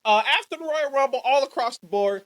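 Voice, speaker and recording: A woman with a high, expressive voice talks fast while co-hosting a wrestling podcast. She chats casually, bluntly and animatedly, and swears freely.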